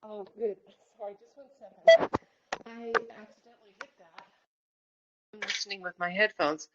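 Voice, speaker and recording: A woman's voice: mid-range voice, fairly even intonation, normal speed, highs cut off, very noisy. A woman calling in on her phone's speaker, out of breath from a walk, chatty and laughing easily. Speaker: caller.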